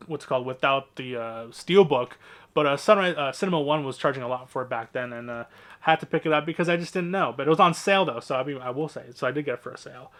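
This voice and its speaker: A man's voice: a little high, a bit bright. A man casually walking through his movie collection, talking in a rambling, offhand way with lots of fillers and the odd swear.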